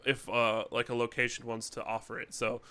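A man from Hawaii co-hosting a podcast in casual chat, animated and quick to protest. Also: medium pitch, smooth. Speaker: podcast co-host.

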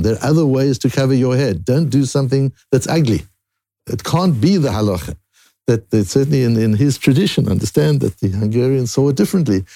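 Man, Talmud teacher; gravelly, mellow, dry close sound, restarts and climbs in pitch for emphasis. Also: no echo. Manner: animated rising emphasis, frequent restarts, Hebrew and Yiddish terms. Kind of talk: Daf Yomi Talmud lesson.

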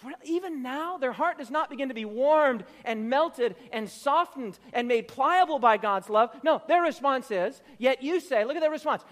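High-voiced preacher in a reverberant hall. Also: male voice, lively intonation, fairly bright tone. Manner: preaching with rising emphatic repetition; slow drawn-out quotations. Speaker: pastor. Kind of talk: sermon.

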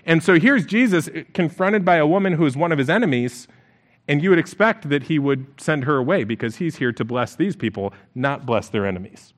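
A man's voice: a little high, expressive, fairly quick. A male pastor, preaching a conversational sermon and reading scripture aloud.

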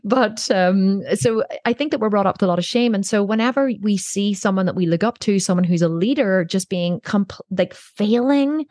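A woman's voice: mid-range voice, moderate pace, few pauses, darkish tone, dry recording, studio quality. A woman guest on a podcast, talking candidly and telling stories with the odd swear word. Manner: candid storytelling, casual swearing. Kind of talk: conversational podcast interview. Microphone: own podcast microphone.

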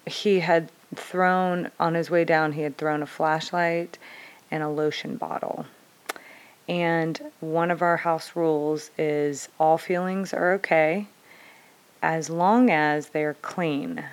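A woman's voice: sits low, clear, resonant tone. A woman in her thirties, a parent, telling a personal story in a candid, conversational and reflective way. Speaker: parent vlogger.

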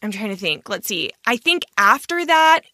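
A young adult woman guest, telling a personal story in an animated way and acting out the quotes. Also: mid-range voice, moderate pace, no room sound, studio quality. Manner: animated, acts out quoted thoughts and speech. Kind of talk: storytelling in a podcast interview.

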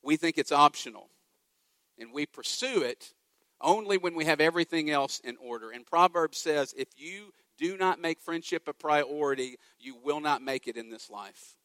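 A man's voice: fairly high pitch, expressive, normal speed, pushed and bright, no echo. A man preaching a sermon as pastor, emphatic, with repeated lines and rhetorical questions.

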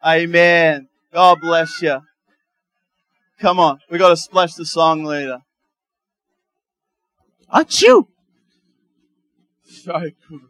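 Pastor, male, middle-aged, high-pitched and lively, chuckles through homely asides in his sermon. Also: slow, no room sound, poor audio.

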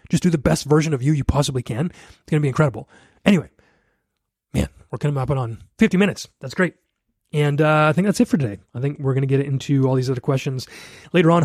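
A man's voice: a little high, warm tone, no echo, clean studio sound. A man in his thirties hosting a solo podcast, giving blunt coaching advice straight to his listeners. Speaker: podcast host.

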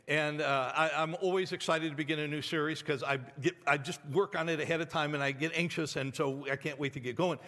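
High-voiced pastor in an echoing hall. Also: male voice, sharp tone. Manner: conversational, pleading, repeats words and restarts. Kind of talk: sermon. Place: church sanctuary.

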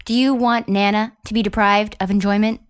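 A woman's voice: mid-range voice, steady tone, a little fast, clear, resonant tone, close to an everyday voice. A woman playing a smug, petty Satan in an improv comedy scene, snide and sulky. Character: smug petty Satan, a catty old friend.

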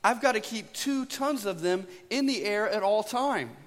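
A man's voice: sits high, expressive, a little slow, a bit bright. A man preaching a sermon as pastor, talking in a casual, storytelling way and often checking in with "right?". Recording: long hall reverb.

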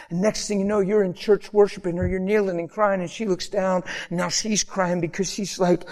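A man delivers a sermon in a high-pitched voice. He preaches with passion, climbing to emphatic peaks before dropping to soft, quiet pleading. Now and then he acts out the voices of the people he is describing. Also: steady tone, moderate pace. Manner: acts out quoted voices in conversational asides. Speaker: pastor.

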